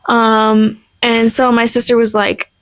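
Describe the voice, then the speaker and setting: A young woman co-hosting a casual podcast, chatting through a family story. She talks in an animated way, full of fillers. She jumps into the voices of the people in her tale. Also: fairly high pitch, slow pace. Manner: animated, acts out quoted people, many fillers. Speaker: podcast co-host.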